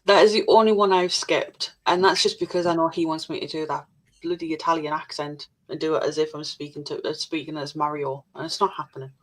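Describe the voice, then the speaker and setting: A woman with a slightly low voice co-hosts a relaxed live stream. She reads viewer comments aloud one after another and answers them with dry, jokey asides and the odd mild swear. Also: a little fast, poor audio. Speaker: stream co-host reading chat. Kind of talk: casual live-stream chat.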